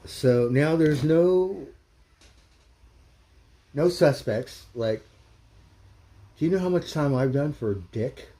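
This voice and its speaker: A man's voice: on the high side, expressive, slow pace, long pauses, dark tone. A man hosting a livestream, ranting bluntly and heatedly in casual, profane commentary. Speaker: livestream host. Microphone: streaming mic.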